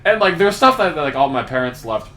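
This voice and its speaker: A man's voice: fairly high pitch, big pitch swings, fast, bright, forceful tone, slight background noise. A young man co-hosting a casual podcast, rambling and swearing as he tells stories, often laughing through them. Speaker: podcast co-host.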